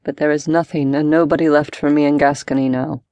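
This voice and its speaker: Woman voicing a flat-toned weary young swordsman. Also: sits low, a little fast, dry recording, highs cut off.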